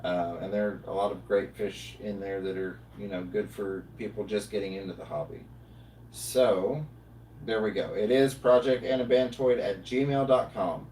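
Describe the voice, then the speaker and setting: A man hosting a casual livestream chat, talking in a relaxed, rambling way with lots of fillers. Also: lowish voice, moderate pace. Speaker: livestream host. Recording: roomy, distant mic, faint noise.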